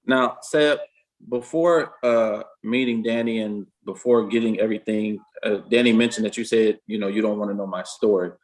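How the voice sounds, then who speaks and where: A man hosting an interview, asking measured, prompting questions. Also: lowish voice, fairly even intonation, rough recording. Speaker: interview host.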